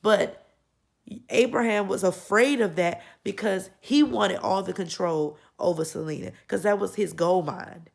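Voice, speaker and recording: Woman vlogger getting over a cold, gravelly. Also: mid-range voice, unhurried. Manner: opinionated, frank, many fillers and restarts. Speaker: YouTube channel host reviewing a series. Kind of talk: casual opinion vlog.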